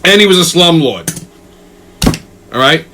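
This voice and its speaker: A man's voice: a little high, animated, a little slow, background noise. A male host giving a profane, exasperated comedic rant and tagging his points with "okay?". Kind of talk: ranting comedic commentary.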